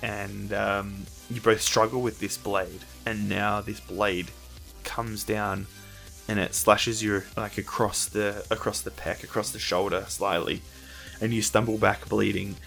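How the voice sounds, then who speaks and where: A man's voice: fairly low pitch, flat delivery, a little slow, gravelly, a bit bright, soft background music. A man narrating a tabletop game as game master, describing the scene vividly with fillers.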